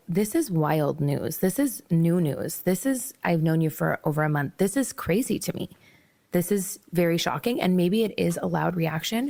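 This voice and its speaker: A young woman hosting a podcast, telling a personal story candidly, blunt and expressive, swearing freely and acting out both sides of the dialogue. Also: low voice, creaky. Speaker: podcast host.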